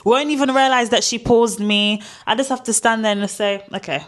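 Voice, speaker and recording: A woman's voice: on the high side, steady tone, normal speed. Young woman, chatty, talking to viewers. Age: early 20s. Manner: chatty, addresses viewers directly. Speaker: daughter asking questions. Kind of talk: casual chat.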